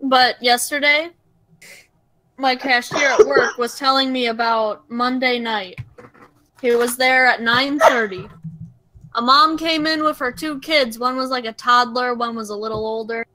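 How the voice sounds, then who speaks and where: A woman's voice: fairly high pitch, unhurried, bright, forceful tone, poor audio. A woman chatting with friends on a voice call, retelling something a coworker told her in a teasing, chatty way. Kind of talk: casual group voice chat.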